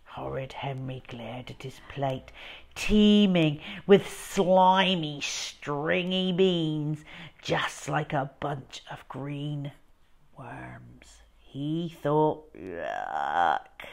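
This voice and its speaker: A woman reading a children's story aloud in an expressive storyteller voice, often dropping to hushed asides. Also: low-pitched, extremely slow, creaky.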